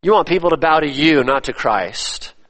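A man preaching a sermon, emphatic, repeating his phrases and swinging between loud stresses and hushed drops. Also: on the high side, lively intonation, normal speed. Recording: long reverb of a church hall.

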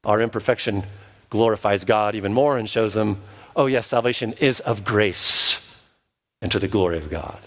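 A man's voice: fairly low pitch, normal speed. A man, a pastor, preaching an earnest sermon and now and then acting out the voices of the people he quotes.

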